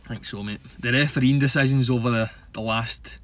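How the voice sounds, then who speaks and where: A man's voice: mid-range voice, fairly even intonation, fairly quick. Sweary Scottish guy talking football. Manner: sweary, laughing, banter-heavy. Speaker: podcast co-host. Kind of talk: casual football chat.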